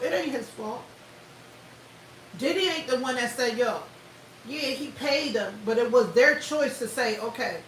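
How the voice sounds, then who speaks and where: A woman's voice: high-pitched, a bit bright. A woman hosting a livestream, giving blunt, profane commentary and laughing often. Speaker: livestream host. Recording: echoey room, far from mic, faint hiss.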